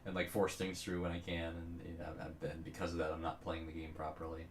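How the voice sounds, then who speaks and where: A man with a very deep voice talks through his gameplay with a coach, stumbling and restarting as he admits his weak spots. Faint background noise runs under his voice. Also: monotone. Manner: self-deprecating, halting with repeated restarts. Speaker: player being coached. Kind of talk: casual chat.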